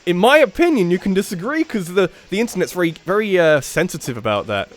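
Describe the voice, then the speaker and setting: A man's voice: sits high, sing-song, fast talker, soft background music. A man rambling through gameplay commentary, thinking aloud and giving opinions. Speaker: let's play commentator.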